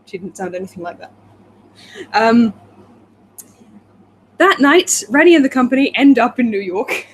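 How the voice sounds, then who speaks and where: A woman's voice: a little high, sing-song, normal speed, long pauses, a little hiss or hum, poor audio. A woman co-hosting, reading a timeline aloud with giggly, chatty asides in casual banter. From England. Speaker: co-host.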